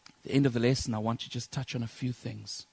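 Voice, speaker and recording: Husky preacher man, dynamic delivery. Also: medium pitch, steady tone, quick pace. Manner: dynamic, swings between loud declaiming and soft near-whispers; addresses congregation as brethren. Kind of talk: sermon.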